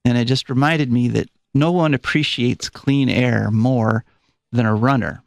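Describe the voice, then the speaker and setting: A man's voice: medium pitch, measured pace, creaky, no echo. A man hosting a live call-in radio show, chatty and rambling with fillers, a little out of breath. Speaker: radio host. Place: radio studio. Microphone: studio microphone.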